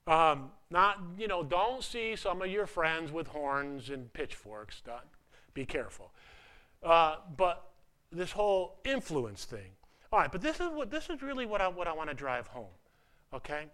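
A man's voice: fairly high pitch, very animated, unhurried, pushed and bright. A man preaching a sermon to a congregation in a loose, conversational way, often restarting his sentences and joking at his own expense. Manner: conversational, self-deprecating preaching with many repeated starts. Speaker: pastor.

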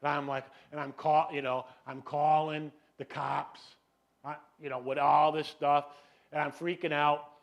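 A middle-aged man preaching a sermon, telling a personal story in an animated, self-mocking way and filling his talk with "you know". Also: on the high side, measured pace, vocal fry, lo-fi sound. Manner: animated, self-deprecating, acts out voices, many "you know"s. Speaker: pastor.

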